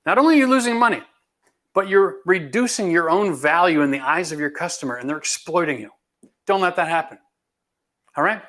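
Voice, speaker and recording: A man's voice: on the high side, lively intonation, brisk, a bit bright. A middle-aged man from Canada, a home renovation host answering viewer questions in a blunt, emphatic, folksy way. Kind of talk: live Q&A chat.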